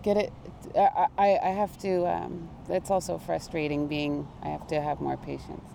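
Mellow-voiced musician chatting outdoors. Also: male voice, fairly high pitch, flat delivery, vocal fry. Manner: halting, restarts, laughs easily. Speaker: musician guest. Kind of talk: casual outdoor interview. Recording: faint street and traffic noise.

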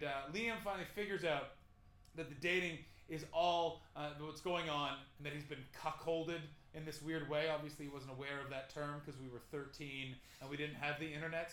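A man's voice: fairly high pitch, a bit bright, echoey room, a little hiss or hum, rough recording. A man in his thirties doing a stand-up set on a club stage, telling rambling, self-deprecating stories with crude asides. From Canada. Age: 30s. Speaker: stand-up comedian.

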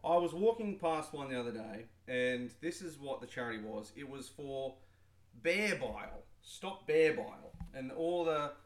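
A man co-hosting a comedy podcast, telling stories in an animated way and acting out the people he quotes. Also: medium pitch, normal speed, few pauses, reverberant. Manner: animated storyteller, acts out quoted voices. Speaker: podcast co-host. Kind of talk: casual comedic chat.

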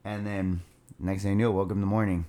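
A man's voice: low-pitched, little pitch movement, quick pace, warm tone. A young man casually telling a rowdy party story, loose and profane, laughing as he goes.

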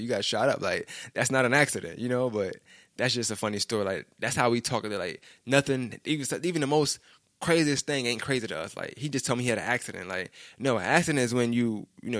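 A man's voice: medium pitch, fairly bright tone, dry recording, clean studio sound. A young man, telling a rambling street story in casual slang with frequent restarts. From Brooklyn, New York.

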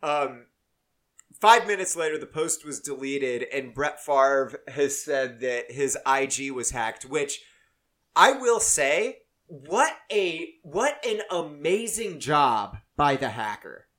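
A man's voice: on the high side, big pitch swings, takes it slowly, fairly bright tone. A man co-hosting a casual sports podcast, rambling and joking as he talks. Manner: rambling, joking, self-interrupting. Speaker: podcast co-host. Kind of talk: casual chat.

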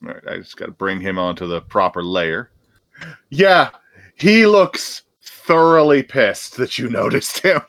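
Animated man running a tabletop game. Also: mid-range voice, measured pace, no echo. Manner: laid-back, chuckling often. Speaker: game master.

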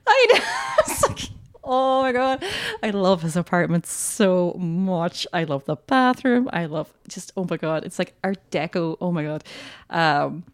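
A woman's voice: fairly low pitch, big pitch swings, a little slow. Chatty, laughing woman discussing a film. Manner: chatty and enthusiastic, laughs often, many fillers. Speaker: podcast co-host.

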